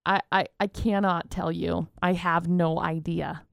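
A woman co-hosting a casual radio show, reading odd headlines with wry, deadpan asides. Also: on the low side, measured pace, gravelly, no room sound, clean studio sound. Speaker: radio co-host. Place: radio studio. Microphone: studio microphone.

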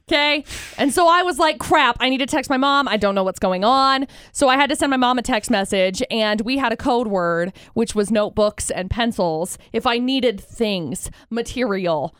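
A woman's voice: fairly high pitch, moderate pace, smooth, no echo, studio quality. A young woman co-hosting a radio show, telling stories in casual banter and acting out the voices of the people in them. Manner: animated storyteller, acts out quoted voices.

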